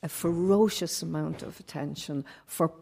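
Woman poet on a panel, non-native English, low gravelly dark voice, reflective and unhurried. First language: not English. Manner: thoughtful, measured, musing with fillers.

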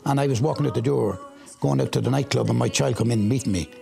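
A man's voice: mid-range voice, fast talker, gravelly, dark tone, soft background music. An Irish man telling his life story in an interview, plain-spoken and rambling, often repeating himself. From Ireland.

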